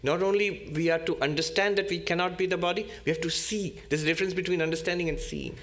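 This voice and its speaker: A man, a monk, giving a spiritual lecture in a deliberate, teacherly way, repeating key terms. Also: high voice, steady tone, fairly bright tone.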